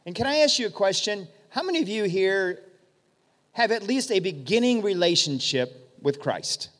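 Preaching to his congregation, this man addresses them directly and brings stories to life with vivid retelling. His high-pitched voice has lively intonation, a moderate pace and a bit of brightness, all carried by long hall reverb.

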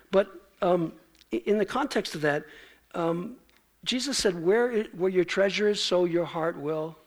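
Man, pastor, sermon, conversational preaching, gravelly fry, high pitch. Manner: conversational preaching, acts out quoted lines.

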